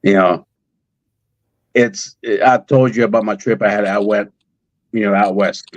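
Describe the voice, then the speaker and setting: A man talking in an emotional conversation, halting and repeating words as he speaks through tears. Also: on the low side, steady tone, dry recording, rough recording. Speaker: guest, father of a missing daughter.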